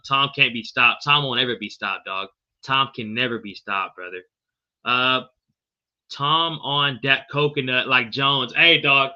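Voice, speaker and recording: A man's voice: mid-range voice, sharp tone, highs cut off. A man hosting a live podcast, answering viewer chat in a loose, profane way and calling everyone bro and brother. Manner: fumbles unfamiliar names. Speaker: podcast host.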